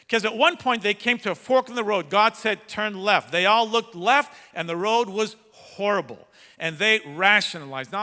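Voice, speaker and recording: A middle-aged man preaching a sermon, telling a story with dramatic swings from loud to hushed. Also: high voice. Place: large church hall. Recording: echoey church hall.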